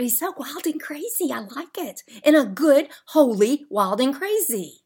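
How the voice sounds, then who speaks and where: A woman hosting a faith podcast, talking in an emphatic, heartfelt monologue that sometimes drops to soft murmurs. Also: sits high, sing-song, measured pace. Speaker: podcast host.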